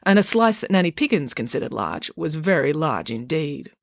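A woman reads a children's book aloud, expressive and lively. Her voice sits fairly low, with a husky edge and plenty of rise and fall. The recording is dry and close. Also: normal speed, dry recording. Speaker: storyteller.

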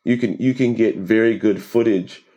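A man co-hosting a casual podcast conversation, talking in a halting, rambling way with frequent restarts and dry jokes. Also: on the low side, dark tone. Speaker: podcast co-host.

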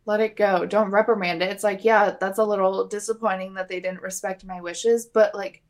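A woman's voice: medium pitch, steady tone, normal speed. A young woman co-hosting a podcast, recapping a reality show in a chatty, opinionated way and swearing freely. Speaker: podcast co-host. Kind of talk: casual recap chat.

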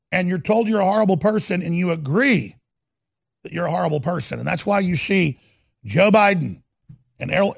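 A man hosting a talk radio show, delivering a heated, ranting monologue that swings between loud and quiet. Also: high voice, gravelly, dry recording, clean studio sound.

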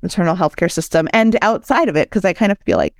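A woman in her thirties, a doula and founder, telling her own birth story as a podcast guest in an animated, candid way and acting out what people said. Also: on the low side, fast, creaky, no echo, clean studio sound. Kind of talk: personal storytelling in conversation.

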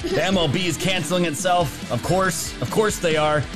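Speaking at a normal speed in a voice that sits high, this livestream host rambles jokily through casual political talk, filling it with filler words. Music runs beneath his stream.

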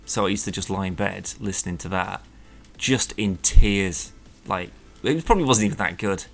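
Low gravelly man rambling casually. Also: moderate pace. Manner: rambling, heavy use of "like", trailing restarts. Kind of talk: casual chat.

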